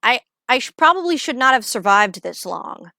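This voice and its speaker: A woman's voice: on the high side, sing-song, normal speed, gravelly, pushed and bright, dry recording. A young woman chatting casually on a gaming livestream, rambling and joking with frequent swearing. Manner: rambling, jokey, swears freely. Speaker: streamer.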